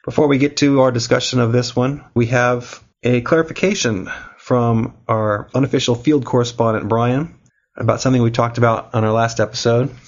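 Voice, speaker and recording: A man's voice: mid-range voice, fairly even intonation, moderate pace, dull audio. Man with a cold hosting a podcast. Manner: wry, joking delivery. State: has a cold. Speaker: podcast host. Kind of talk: casual chat and scripted recap.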